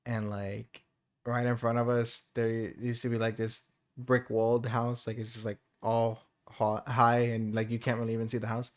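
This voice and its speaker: A man's voice: medium pitch, completely flat delivery, moderate pace. A man co-hosting a podcast in casual chat, laid-back, swearing freely and laughing often. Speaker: podcast co-host.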